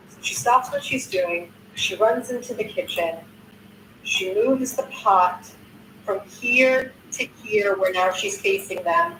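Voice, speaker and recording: A woman's voice: mid-range voice, slow pace, a bit bright, a little hiss or hum. Older woman, indignant casual recap, cursing, roomy sound, a bit distant from the mic. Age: 60s. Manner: indignant, swearing, restarting sentences. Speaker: content creator. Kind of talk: casual recap of a news video.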